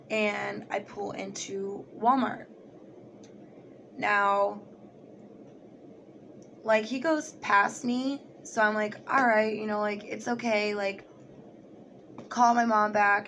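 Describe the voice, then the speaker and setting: A woman's voice: medium pitch, unhurried, long pauses, slight background noise. A young woman telling a personal story to the camera in a rambling, casual way, full of "like" and "you know". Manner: rambling, heavy use of "like", animated retelling. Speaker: vlogger.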